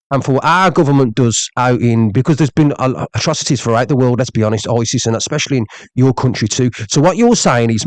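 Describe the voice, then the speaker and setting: A man's voice: mid-range voice, darkish tone, no echo. A man hosting a livestream, ranting heatedly and saying "mate" over and over. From England. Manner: heated, repeats "mate" often. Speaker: livestream host.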